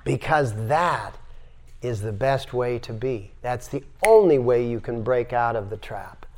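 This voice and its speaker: This older man's spiritual yoga lecture comes in a medium-pitched voice, a little slow, with lively intonation. He teaches breath by demonstrating sighing exhales and tells stories with emphasis.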